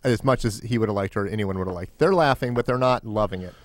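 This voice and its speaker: A man co-hosting a podcast in casual chat, telling rambling anecdotes and getting loud and excited. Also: fairly low pitch, fast, no echo, studio quality. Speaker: podcast co-host.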